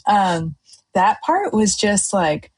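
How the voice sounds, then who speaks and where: Husky-voiced woman telling her testimony. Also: mid-range voice, takes it slowly, rough recording. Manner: lively storyteller, acts out her own past outbursts. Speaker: podcast guest. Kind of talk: testimony in casual chat.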